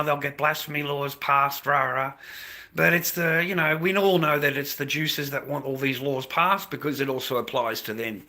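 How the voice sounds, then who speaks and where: A man's voice: mid-range voice, normal speed, pushed and bright. A man with an Australian accent ranting casually to camera as a vlogger, rambling and profane, full of fillers and repeated "mate.".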